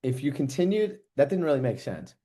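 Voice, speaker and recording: A man coaching a sales trainee, talking fast, casual and direct with slang. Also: mid-range voice, big pitch swings, warm tone. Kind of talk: coaching call feedback.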